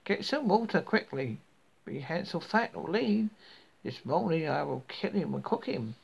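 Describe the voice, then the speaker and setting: A man voicing a wicked old witch who eats children, in a high, drawn-out, crooning voice, on a dull lo-fi recording. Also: lively intonation, creaky, a little mellow, breathy edge, heavily acted. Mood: commanding.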